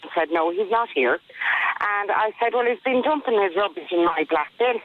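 A woman's voice: medium pitch, expressive, normal speed. Woman on a tinny phone line. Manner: matter-of-fact, indignant retelling. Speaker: caller. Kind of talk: phone-in radio chat.

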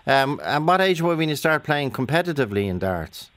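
A man hosting a radio phone-in, asking probing questions with lively banter. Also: a little high, fairly quick. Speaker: radio host. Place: radio studio.

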